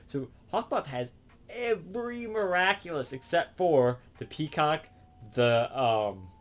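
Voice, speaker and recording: A man giving a rambling, casual review, halting through many fillers and restarts. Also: medium pitch.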